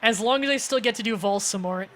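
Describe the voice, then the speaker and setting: Animated, swearing young woman streamer. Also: on the high side. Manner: animated, profane, quick asides. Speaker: game streamer. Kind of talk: casual chat over gameplay.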